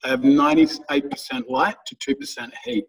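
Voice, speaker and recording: Give me a rambling, husky man telling stories. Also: medium pitch, lively intonation, normal speed, recorded from a distance, rough recording. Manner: rambling, swears freely, laughs at own stories. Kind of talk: casual storytelling chat.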